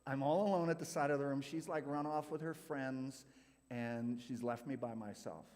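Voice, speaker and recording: A man's voice: mid-range voice, fairly even intonation, moderate pace, a little mellow. A man from California giving a youth group talk, telling a personal story in a chatty way with lots of "like". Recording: hall reverb.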